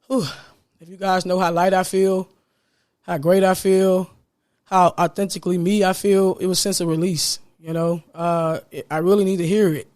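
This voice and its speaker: A man's voice: high voice, little pitch movement, normal speed, darkish tone. A man hosting a podcast on his own, talking casually and from the heart, with a smile in his voice and "man" dropped in often. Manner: upbeat, smiling as he talks. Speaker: podcast host. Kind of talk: solo podcast monologue.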